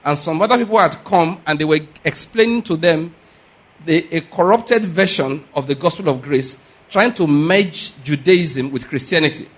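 A man's voice: a little high, normal speed, fairly bright tone. A man preaching a sermon, emphatic and addressing the congregation directly with questions. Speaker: pastor.

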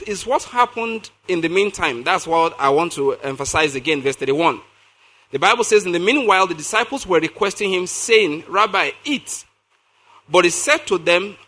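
Guy preaching a sermon, kinda high voice, bright and sharp, reads verses slow then asks the crowd stuff. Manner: reads scripture slowly, then asks the congregation questions.

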